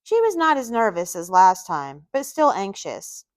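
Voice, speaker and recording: A woman's voice: medium pitch, big pitch swings, unhurried, no room sound. A woman reading her own novel aloud, stepping out of the story for chatty asides. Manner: chatty asides between passages.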